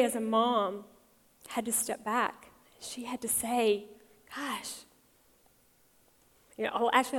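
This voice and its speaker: Conversational woman preacher, a mom, a bit high-voiced, in a reverberant hall. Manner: conversational, animated, acts out quotes, soft for tender parts. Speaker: speaker at a women's or church talk. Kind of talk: sermon. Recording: long reverb of a large hall.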